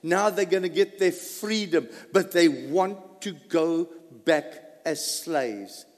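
A man preaching a sermon, swinging between loud emphasis and soft asides. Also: fairly high pitch, slow. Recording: long hall reverb.

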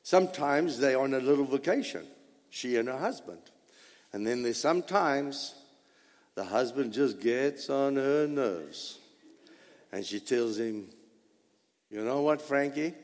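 A male pastor preaching a sermon in a church, animated and exhorting his congregation. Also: medium pitch, unhurried, big-room sound. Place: church sanctuary.

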